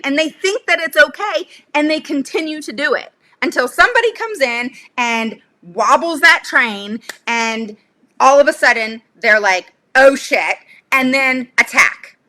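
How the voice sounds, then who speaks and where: Bright, blunt fired-up woman advocate. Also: on the high side. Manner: blunt, fired-up, many "okay?" tags; rambling asides and sudden laughs. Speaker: special education advocate and channel host. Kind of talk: casual livestream talk to viewers.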